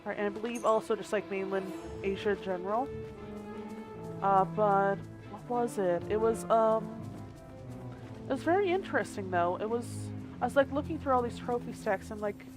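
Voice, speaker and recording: A woman game streamer chatting casually, thinking aloud and hedging as she goes, with the odd hiccup. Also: mid-range voice. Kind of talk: casual live-stream chat.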